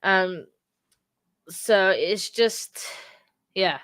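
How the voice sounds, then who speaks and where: A woman hosting a true crime livestream, talking casually with many pauses, fillers and restarts. She moved to England from abroad. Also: mid-range voice, a bit bright. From from outside England.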